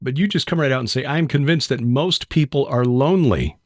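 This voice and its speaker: Measured, halting male podcast host. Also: mid-range voice, no room sound, clean studio sound. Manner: measured, halting, with repeated words. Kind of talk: interview questions.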